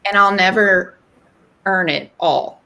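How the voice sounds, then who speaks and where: A woman's voice: slow pace, creaky. A woman in her thirties telling a candid personal story in casual conversation, acting out quoted lines. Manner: animated, acts out quoted dialogue with rising pitch. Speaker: podcast guest.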